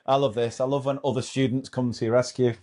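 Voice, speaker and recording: Brief: amused man reading anecdotes aloud, mid pitch, keeps cracking up. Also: little pitch movement, fast, warm tone. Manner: amused, often breaks into laughter while reading. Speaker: host reading out a thread of teacher stories. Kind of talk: casual reading of funny anecdotes.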